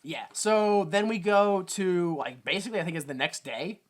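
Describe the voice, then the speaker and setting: A man's voice: sits high, normal speed. A man co-hosting a podcast, recapping a movie in a rambling, joking way with lots of filler words. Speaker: podcast co-host. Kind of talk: casual movie recap chat.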